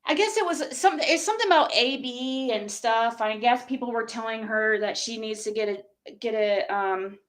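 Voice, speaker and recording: A woman's voice: on the high side, normal speed, hardly any pauses. A woman livestreamer in a heated, profane rant, talking straight to her chat.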